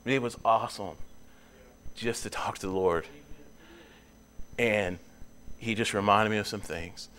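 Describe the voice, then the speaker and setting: A man's voice: measured pace, pauses often, smooth. Earnest man preaching a sermon. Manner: earnest, climbs high and loud when pressing a point. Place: church sanctuary.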